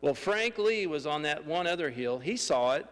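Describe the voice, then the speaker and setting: A man telling a lively testimony story in a church, excitable and laughing as he acts out the scenes. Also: on the high side, moderate pace, big-room sound. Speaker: church member giving a testimony. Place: church sanctuary.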